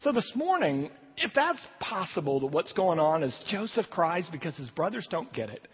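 A man's voice: on the high side, normal speed, breathy edge. A man preaching a sermon in a church, reading scripture and then explaining it in a conversational way. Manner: conversational preaching, lively rises and drops. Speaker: pastor. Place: church sanctuary. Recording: long hall reverb, dull lo-fi sound.

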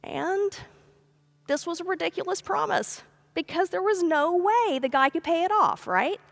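A woman's voice: extremely high pitch, lively intonation, unhurried, vocal fry. A woman pastor giving a sermon, telling a parable in a conversational, folksy way. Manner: storytelling, acts out the characters' pleas with a raised voice. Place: church sanctuary.

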